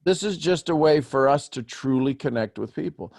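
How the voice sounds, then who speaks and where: A man's voice: medium pitch, normal speed, vocal fry, hardly any pauses, no echo, clean studio sound. A man hosting a live group coaching call on video, joking with his listeners and walking them through questions step by step. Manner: animated, teasing, questioning step by step. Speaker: host coaching callers.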